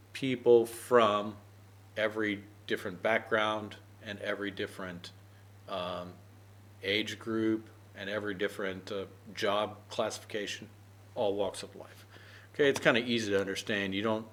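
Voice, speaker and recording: A man's voice: lowish voice, fairly bright tone, slight background noise. Rambling man teaching an idiom. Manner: rambling, with many fillers and "right?". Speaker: English teacher. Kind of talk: unscripted idiom lesson.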